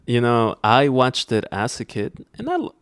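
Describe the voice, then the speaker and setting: A man's voice: medium pitch, wildly swooping pitch, normal speed, smooth, dry recording, clean studio sound. A young man hosting a podcast in casual chat, rambling with lots of fillers and restarts. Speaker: podcast host.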